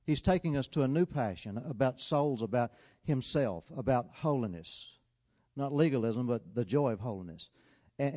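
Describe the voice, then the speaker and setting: A male preacher delivering a sermon, his voice sitting in the middle of the male range. He tells a story with feeling, at times urgent and loud, at times dropping to a hush. The sound carries a long reverb, as in a large church hall. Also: mid-range voice.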